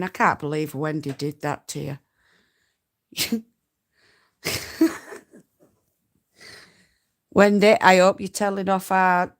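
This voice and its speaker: A woman from North Yorkshire with a Yorkshire accent, giving homely, chatty spinning tips as host of a live stream and laughing often. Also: on the low side. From North Yorkshire, England. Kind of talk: casual live-stream tutorial chat.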